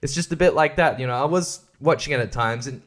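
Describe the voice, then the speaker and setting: A man's voice: medium pitch, fast talker, fairly bright tone. Rambling, profane man talking about films. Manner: rambling, profane and joking, with frequent restarts. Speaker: podcast host. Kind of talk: casual film-review chat.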